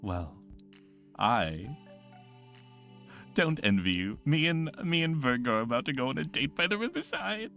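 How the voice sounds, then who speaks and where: A man's voice: mid-range voice, big pitch swings, unhurried, vocal fry, pauses often, fairly bright tone, faint music behind, voice pushed up, full character voice. A man voicing a tall, proud male bard with a smug, theatrical manner.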